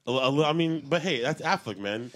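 A man co-hosting a casual podcast from a studio, rambling and joking in a deadpan way. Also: on the high side, fast. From California. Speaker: podcast co-host. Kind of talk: casual chat. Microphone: studio mic.

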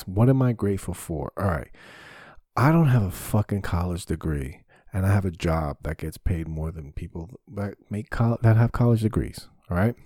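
A man's voice: low voice, mellow, dry recording. A man who hosts his own podcast and does stand-up comedy, talking in a rambling, candid, profane way with lots of fillers, recorded in a small home basement studio. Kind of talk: casual solo podcast monologue.

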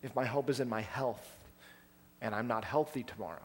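A man preaching a sermon in a storytelling style, with animated delivery and acted-out quotes. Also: mid-range voice, brisk, a little hiss or hum. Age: adult, past college. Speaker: pastor.

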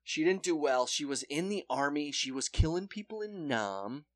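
A young man co-hosting a casual podcast, retelling a story with lively acted-out quotes. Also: on the high side, moderate pace, a loud crowd. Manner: animated storyteller acting out quotes. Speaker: podcast co-host. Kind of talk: casual chat, retelling a true crime show.

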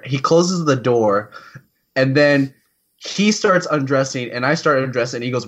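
A young American man chatting on a podcast, voice pitched in the usual middle range for a man. He tells anecdotes loosely and laughs easily. It sounds like he is speaking over a remote call. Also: moderate pace, a bit bright, dull audio. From United States. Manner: storytelling, laughing often. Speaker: podcast co-host. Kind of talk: casual chat.

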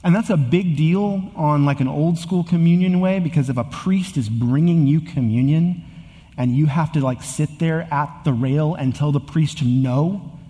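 Pastor preaching in a reverberant church. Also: male voice, on the high side, measured pace, dark tone. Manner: earnest, rising to emphatic repetition. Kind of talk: sermon. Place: church sanctuary with long reverb.

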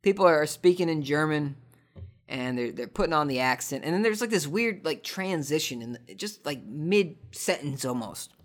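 Rambling, joking man. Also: fairly high pitch. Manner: rambling, tongue-in-cheek, frequent false starts. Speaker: podcast host answering listener questions. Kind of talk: casual comedic monologue.

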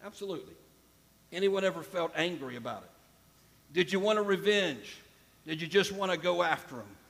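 A male pastor delivers a sermon with emphatic repetition and direct appeals to his listeners. His voice sits a little high for a man. The sound carries a long reverb from a large church hall. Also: expressive, brisk, gravelly, a bit bright. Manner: emphatic, repeats phrases, addresses congregation directly.

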